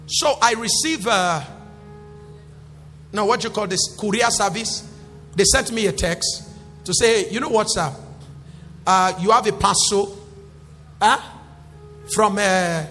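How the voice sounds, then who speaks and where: A male pastor preaching a sermon in call-and-response style, rising to shouts. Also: sits high, slow pace, long pauses. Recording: echoey hall with faint music.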